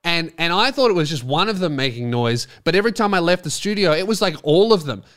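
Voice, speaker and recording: A man's voice: fairly high pitch, sing-song, fast, a bit bright. An Australian man hosting a podcast, rambling through a casual comedic monologue with sardonic, self-mocking jokes. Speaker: podcast host.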